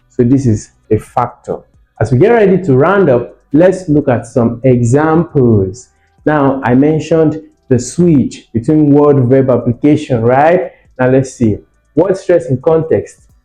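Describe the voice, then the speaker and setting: A man teaching an exam prep lesson, lively and asking the class rhetorical questions while repeating example phrases. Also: mid-range voice. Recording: echoey room.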